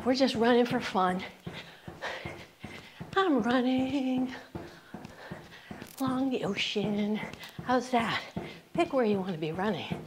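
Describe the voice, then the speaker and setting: A woman's voice: on the high side, noisy background. Upbeat woman coaching a rebounding workout. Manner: upbeat, encouraging cues while exercising; counts down reps aloud. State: bouncing on a rebounder while talking. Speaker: fitness instructor.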